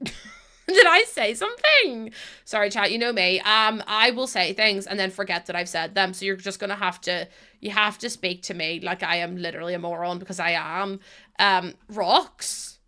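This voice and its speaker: A woman's voice: medium pitch, moderate pace, bright, forceful tone. A young woman streaming a building game, chatting casually with her viewers, laughing and swearing as she goes. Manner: chatty, swears, laughs a lot, talks to chat. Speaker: Twitch streamer. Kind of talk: casual chat while gaming.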